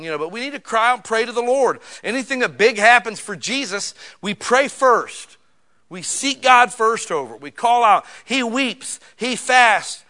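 Man, pastor, sermon in a small church, bright tone, a bit high-pitched, chatty, loud bursts and soft asides. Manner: conversational preaching that swings from loud emphatic bursts to quiet, intimate asides.

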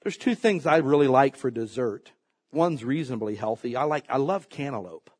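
A man preaching a sermon, his slightly husky voice ranging widely in pitch. He tells homey stories with jokes and acts out quoted voices along the way. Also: moderate pace. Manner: folksy, joking, animated storytelling with acted quotes. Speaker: pastor.

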